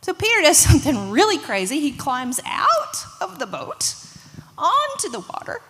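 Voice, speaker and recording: A woman teaching a children's church lesson, telling a Bible story with lively voices and hushed moments. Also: high-pitched, normal speed, slight background noise. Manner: animated storytelling, acting out voices, hushed emphasis. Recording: long hall reverb.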